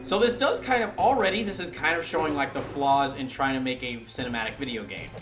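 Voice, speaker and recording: A man's voice: medium pitch, fairly quick, echoey room, music in the background. A British man streaming a game, talking in a chatty, rambling way with many restarts. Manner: rambling, self-correcting, chatty. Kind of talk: casual gameplay commentary.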